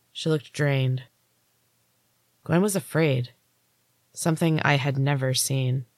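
A woman podcast host narrating a first-person story in a measured storybook reading. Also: sits low, no echo, studio quality.

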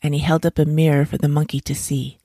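Woman, storyteller, children's story reading, low mellow voice, dry close sound. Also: flat delivery, quick pace, dry recording.

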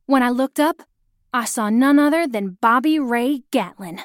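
High-voiced woman narrating an audio story. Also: measured pace, dry recording. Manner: expressive, acts out shouted lines. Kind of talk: scripted audio story narration, first person.

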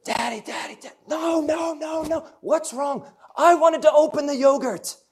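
A man voicing a small girl who throws a fit, whining and shouting. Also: very high-pitched, normal speed, voice pushed up. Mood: tantrum. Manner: shouting, whiny.

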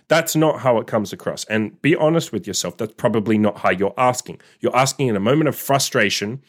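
A man's voice: mid-range voice, fairly quick, hardly any pauses. Blunt, swearing male dating coach. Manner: blunt, casual, swears freely, acts out quoted voices. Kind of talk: solo advice monologue.

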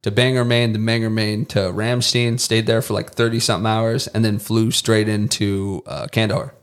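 A former Marine and contractor with a smooth, lowish voice at normal speed tells casual stories on a podcast. Animated throughout, he acts out quoted remarks in a raised voice.

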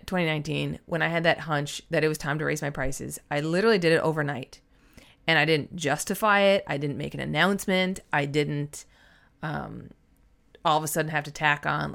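A woman's voice: low-pitched, vocal fry, fairly bright tone. A woman in her thirties hosting a solo business podcast, chatty and emphatic, acting out quotes in playful voices. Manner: chatty, emphatic, puts on voices when quoting. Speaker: podcast host and business coach.

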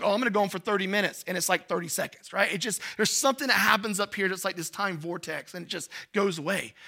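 A man, a pastor telling a personal story in an animated way during a sermon. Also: sits high. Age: 40s.

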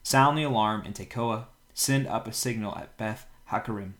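Man, lowish voice, reads scripture aloud for a daily podcast, steady delivery, the odd stumble fixed on the fly. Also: moderate pace, few pauses. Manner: steady reading with occasional stumbles and self-corrections. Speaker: Bible reading podcast host.

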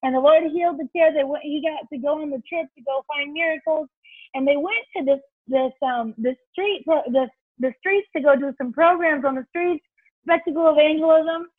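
High-voiced woman over a tinny line. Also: normal speed, dry recording. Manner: animated storyteller, acts out quotes. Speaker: guest, children's ministry leader. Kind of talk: storytelling in a faith interview.

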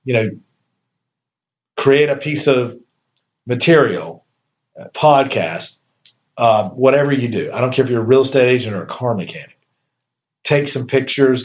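A man hosting a podcast, talking in an easy, rambling way with bursts of enthusiasm and quick laughs. His voice sits at an ordinary middle pitch, and the recording sounds a little dull and lo-fi. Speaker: podcast host. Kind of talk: casual podcast chat.

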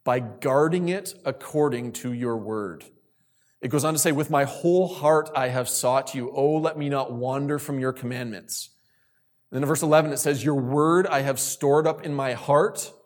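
Speaking at a moderate pace and medium pitch, a man preaches to a youth group as their youth speaker. He calls on listeners, poses questions to them, and repeats key phrases to drive his points home.

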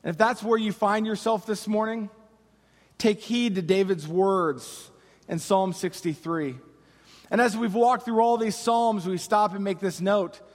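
High-voiced man preaching in a hall. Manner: preaching with slow dramatic pauses and impassioned cries. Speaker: pastor. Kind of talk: sermon.

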